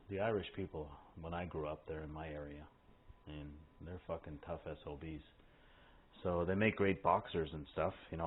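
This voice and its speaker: A man hosting a show in a rambling, foul-mouthed monologue. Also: deep voice. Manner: rambling, heavy swearing. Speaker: host. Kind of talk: casual podcast monologue. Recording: tinny phone-like line with faint hiss.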